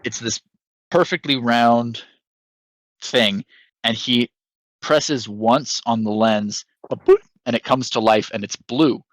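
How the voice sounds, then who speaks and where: A man's voice: medium pitch, takes it slowly, a bit bright, no room sound, rough recording. A young man narrating a tabletop game as game master, loose and full of fillers and sound effects.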